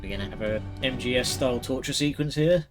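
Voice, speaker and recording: A man's voice: medium pitch, fast. A man streaming a video game, giving offhand, joking commentary. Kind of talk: casual gameplay commentary. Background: game music.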